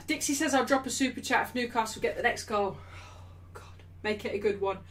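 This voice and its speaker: A woman's voice: on the high side, moderate pace, recorded from a distance, slight background noise. A young English woman hosting a live football watchalong, reading out super chats in blunt, sweary casual chat. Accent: English, not Mancunian. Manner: blunt, swears freely, loud and defensive, then apologetic. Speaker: livestream host of a football watchalong.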